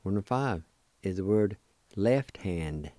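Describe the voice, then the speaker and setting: Man, Cherokee accent, radio language teacher; low mellow voice, very slow and deliberate, dry close sound. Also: expressive, no echo. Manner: slow, deliberate, drawn-out syllables. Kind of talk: spelling and pronouncing words.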